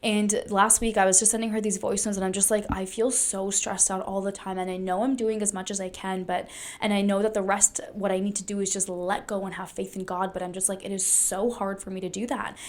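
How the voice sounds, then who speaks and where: A woman's voice: mid-range voice, flat delivery, brisk. Earnest, chatty young woman coach. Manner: earnest and chatty, with many "like" fillers; sometimes drops into a soft whisper. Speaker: naturopathic doctor and wellness coach. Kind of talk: casual motivational talk to camera.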